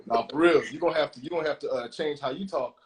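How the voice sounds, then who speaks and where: A man's voice: a little high, fast talker, noisy background. A man hosting a casual podcast, reacting to his guest with eager affirmations and questions. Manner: enthusiastic, affirming interjections. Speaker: podcast host. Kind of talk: casual chat.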